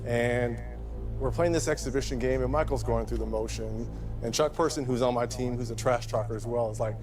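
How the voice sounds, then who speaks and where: A man, a former player, telling a self-mocking anecdote in an animated way. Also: mid-range voice, a little fast, over music. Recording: crowd and noise in the background.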